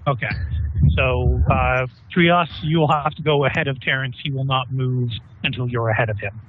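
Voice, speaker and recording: A man running a tabletop game, narrating scenes and asking players what they do, in a relaxed, chatty way. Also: mid-range voice, normal speed, a little hiss or hum. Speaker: game master. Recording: tinny phone-like online call.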